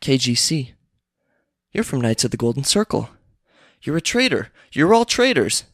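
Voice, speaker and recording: A man's voice: medium pitch, animated, moderate pace, a bit bright, no echo, studio quality. A man reading a screenplay aloud, voicing a suspicious man who mutters over a map and accuses others of treason. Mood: accusing.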